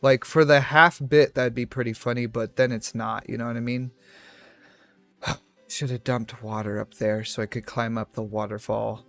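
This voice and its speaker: A young male streamer chats casually while gaming on a livestream, rambling from tangent to tangent and poking fun at himself. His voice is medium-pitched, gravelly, and fairly bright, with fairly even intonation at a moderate pace, and soft music plays behind him.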